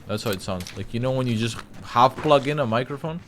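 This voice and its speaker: A man streaming a shooter game, chatting casually and swearing, with bursts of excited callouts. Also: medium pitch, fairly quick. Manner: loose, profane, excitable callouts. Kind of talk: casual chat while gaming. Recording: noisy game stream audio.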